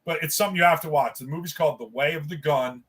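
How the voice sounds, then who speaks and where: A man chats on a podcast with a bright, forceful voice that sits a little high. He tells stories with energy, acts out every line he quotes and swears without a second thought. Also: fast. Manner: animated storyteller, acts out quotes, swears freely. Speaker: podcast co-host. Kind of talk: casual chat.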